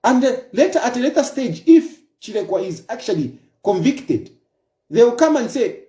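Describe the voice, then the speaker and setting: A man's voice: very high voice, sing-song, moderate pace, mellow, reverberant. A man with a Zambian accent giving a political commentary monologue, emphatic, repeating his points and firing off rhetorical questions. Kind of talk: opinion monologue.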